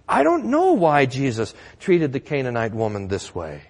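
A man's voice: mid-range voice, sing-song, normal speed, few pauses. A male pastor preaching a sermon in a church, conversational with wry humor.

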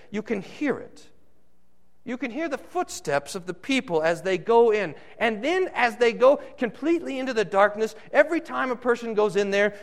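Slow, dramatic high-voiced male preacher. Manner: slow, dramatic preaching with wide swings in pitch and loudness. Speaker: pastor. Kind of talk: sermon.

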